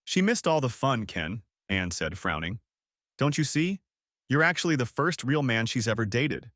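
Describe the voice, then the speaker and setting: A man's voice: medium pitch, sing-song, normal speed, fairly bright tone, no room sound, studio quality. A man voicing a blunt, pushy woman friend. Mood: exasperated. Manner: pressing, exasperated. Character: frantic female friend, insistent and blunt.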